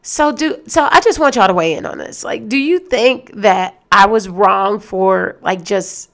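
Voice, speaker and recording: A woman hosting a solo podcast, ranting in an animated, exasperated way and speaking straight to her listeners. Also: mid-range voice, measured pace. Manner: loose and conversational, with restarts. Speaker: podcast host.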